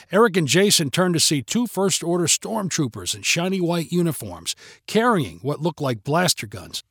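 A man narrating a story in a steady, measured reading voice on a close mic. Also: on the high side, husky, dry recording.

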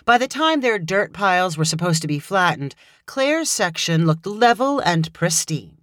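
A woman narrating a short story in a measured, expressive reading voice. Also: lowish voice, no echo, clean studio sound.

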